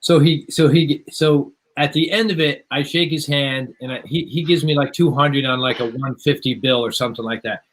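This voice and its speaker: A man hosting a podcast, chatting casually and telling a story with many halting restarts. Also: mid-range voice, fairly even intonation, a bit bright, low-quality recording. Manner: halting, repeats words as he starts sentences. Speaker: podcast host, former waiter. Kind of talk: casual interview chat.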